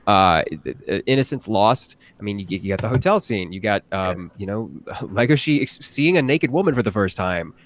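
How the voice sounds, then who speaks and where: A man, a voice actor guest on a live-stream interview, talking earnestly and haltingly with many restarts. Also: on the low side, animated.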